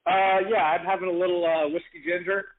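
A man's voice: high-pitched, very animated, a little fast. A man in his thirties, co-hosting a radio show in laid-back, wry, joking chat. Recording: phone line with faint noise.

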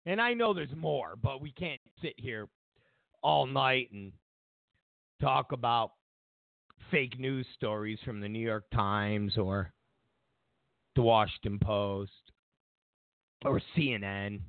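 Speaking slowly in a creaky, medium-pitched voice, this talk radio host mocks and rants through his monologue, pausing often and playing both parties in conversations. There's no echo, though the audio sounds tinny and phone-like.

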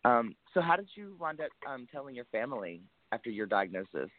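A man's voice: mid-range voice, very animated, fairly quick. Male podcast co-host, agrees a lot, empathetic, tinny phone sound. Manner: affirming, empathetic interviewer. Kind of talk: podcast interview. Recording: phone-line audio.

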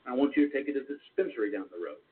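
A man voicing a calm male doctor in a stand-up story, speaking gently and reluctantly. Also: mid-range voice, racing, recorded from a distance, pitched below the performer's own voice, close to an everyday voice. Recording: tinny lo-fi with hiss.

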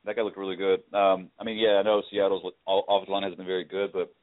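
A man talking football on a podcast, analytical and easygoing. His voice is low. It reaches us through a tinny, phone-like line. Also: level tone, fast. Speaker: podcast co-host. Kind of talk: casual sports talk.

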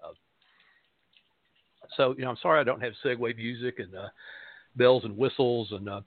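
A middle-aged pastor with a Southern American accent hosts a spiritual radio show, rambling casually in a monologue full of fillers and self-deprecating humor. His medium-pitched voice has vocal fry, fairly even intonation and normal speed. The recording is dry and narrow, like a phone.

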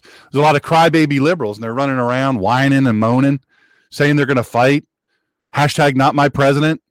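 A man of middle pitch hosts a political talk show in a rambling, opinionated monologue. He repeats phrases for emphasis and reads out listener messages. His voice sounds dry and close to the mic. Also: no echo.

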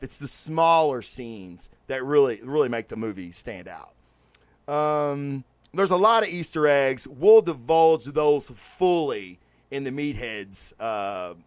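A man hosting a casual podcast, reviewing a movie and comics in an excited, profane, rambling way with many restarts. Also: medium pitch, clean tone, dry recording. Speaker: podcast host.

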